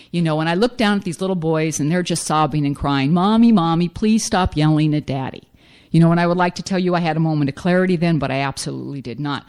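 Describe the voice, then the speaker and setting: A woman's voice: sits low, darkish tone. A middle-aged woman giving a frank, self-mocking personal recovery testimony as a speaker at a meeting.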